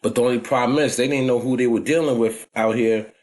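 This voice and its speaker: A man's voice: mid-range voice, fairly even intonation, fast talker, a little mellow. A man in his forties with a New York accent, telling stories from his past in a casual vlog, heavy on street slang and frequent "you know what I'm saying.". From New York, United States. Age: 40s. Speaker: vlogger. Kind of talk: casual storytelling.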